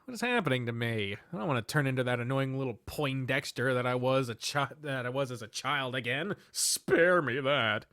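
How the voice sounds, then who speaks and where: A man's voice: mid-range voice, a little fast, few pauses, a bit bright, no echo, studio quality. A man reading a visual novel aloud as narrator, with a wry tone and the odd self-mocking aside. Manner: wry, swears and laughs at his own slips. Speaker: let's-play host.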